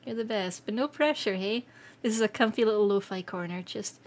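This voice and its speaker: A Scottish woman streaming live, chatting casually with viewers, excitable and quick to laugh. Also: mid-range voice. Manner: excitable and giggly, laughs often. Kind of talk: casual livestream chat.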